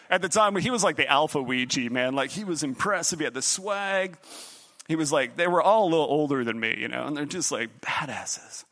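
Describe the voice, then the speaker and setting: Animated middle-aged man telling a funny story. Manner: animated, acts out other voices and jumps in pitch. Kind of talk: comic personal story.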